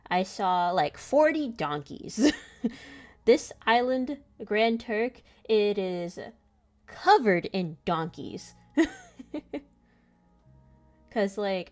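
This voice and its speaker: A young woman who draws comics and hosts a channel chats casually while drawing, rambling loosely through a travel story and laughing often between sentences. Her mid-range voice has a darkish tone.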